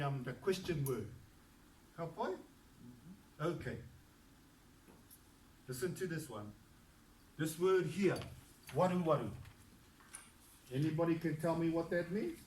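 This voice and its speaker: A fairly high-voiced man teaches a language class, patient and slow, repeating each word. He sounds distant, caught in an echoey room with a faint murmur of ambience behind him. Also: darkish tone, a little hiss or hum. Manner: patient, repeats words slowly, switches between English and Māori. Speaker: te reo Māori teacher. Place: church hall classroom.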